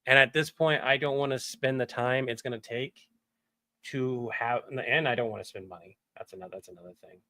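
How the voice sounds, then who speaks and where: A man's voice: medium pitch, steady tone, normal speed, bright, forceful tone, no room sound. A man chatting casually on a livestream from his home setup, rambling candidly and swearing now and then. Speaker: streamer and voice actor.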